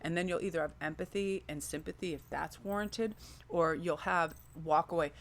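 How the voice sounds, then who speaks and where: A woman's voice: fairly low pitch, normal speed. A woman giving a casual tarot reading to her viewers, chatty, enthusiastic and encouraging. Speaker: tarot reader.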